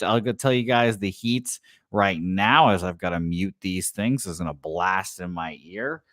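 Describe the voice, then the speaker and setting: Low-voiced guy rambling casually on a podcast, lots of ums, dry close mic. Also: a bit bright, no echo. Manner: rambling, self-deprecating, many fillers. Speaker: co-host. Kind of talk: casual chat and race calling. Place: his new apartment.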